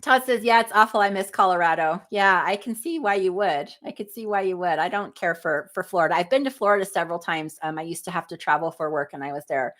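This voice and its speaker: A woman's voice: fairly low pitch, quick pace, hardly any pauses, a bit bright. A woman, hosting a casual livestream, chatting and reading viewer comments aloud with frequent laughter. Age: 50s. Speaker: livestream host.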